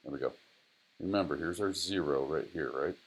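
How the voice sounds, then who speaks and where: A middle-aged man, a driving instructor, talks casually through a screen-recorded data tutorial, repeating himself and chatting to his software. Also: rumbling low, fairly quick, husky.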